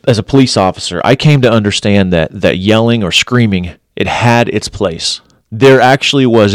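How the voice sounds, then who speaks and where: A man's voice: lowish voice, no room sound, studio quality. A middle-aged man, a former police officer, giving blunt relationship advice and repeating his points for emphasis. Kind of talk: earnest direct-to-camera advice talk.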